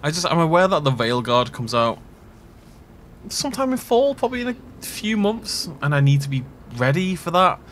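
A man's voice: on the high side, big pitch swings, normal speed, fairly bright tone, a little hiss or hum. A man hosting a let's play, rambling casually and laughing often while he plays. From half Irish. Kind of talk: casual gaming commentary.

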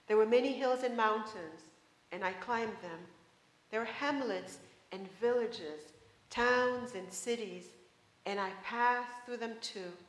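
A woman voicing a wise old village woman who travels to the land of the dead, speaking in a slow, insistent cadence. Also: mid-range voice, echoey room, close to an everyday voice, poor audio.

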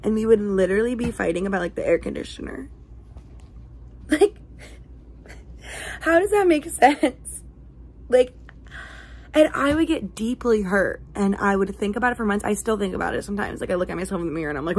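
A young woman talking straight to camera in a casual vlog. Her chat is loose and profane, with a voice that often swings up high. Her pitch sits in the middle for a woman. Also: animated, normal speed, breathy edge. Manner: chatty, profane, venting with big swings in pitch. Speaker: vlogger.

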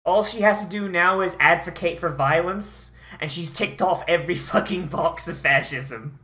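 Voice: medium pitch, moderate pace, pushed and bright. A streamer giving rambling, profane commentary while watching an anime episode, often restarting sentences. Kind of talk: casual reaction commentary.

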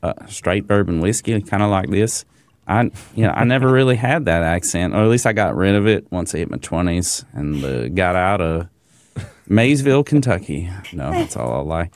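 A man's voice: low voice, animated, moderate pace, darkish tone, dry recording, studio quality. A man co-hosting a casual podcast, joking and self-deprecating as he talks. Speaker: podcast co-host. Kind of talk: casual chat.

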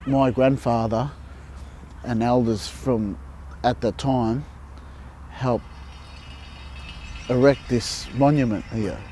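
A man, speaking in a halting, thoughtful way with many pauses, outdoors by a monument. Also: medium pitch, fairly even intonation, warm tone, slight background noise. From Australia. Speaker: interviewee. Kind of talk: documentary interview.

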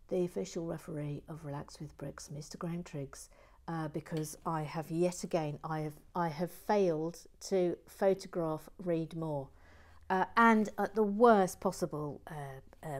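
Her voice is low and somewhat dark as this LEGO stream host talks casually during a build, full of exclamations and jokes at her own expense.

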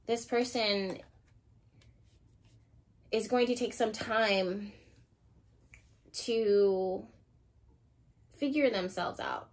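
A woman giving an intuitive pick-a-card tarot reading, speaking emotionally and thinking aloud as she turns cards, with sudden bursts of excitement. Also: medium pitch, very slow, pauses often.

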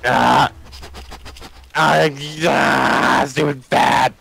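A man's voice: mid-range voice, level tone, drawn-out words, gravelly, pushed and bright, breathy edge, low-quality recording. A man playing a game with a friend, chatting casually and groaning and exclaiming when he dies. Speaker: Let's Play gamer. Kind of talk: casual gaming banter.

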